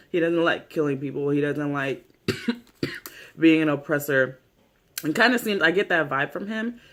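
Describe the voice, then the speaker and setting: A man's voice: a little high, fairly bright tone. A man casually recapping a TV episode. He rambles, leans on "like" and "you know", swears freely, and laughs easily. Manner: laughs easily while telling. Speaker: YouTube show recapper.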